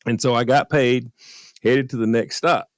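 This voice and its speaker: A man with a mid-range voice speaks at a moderate pace in a dry, studio-quality recording. He's a guest storyteller and former beer truck driver telling a story in a casual radio podcast chat, animatedly acting out the voices of the people in it.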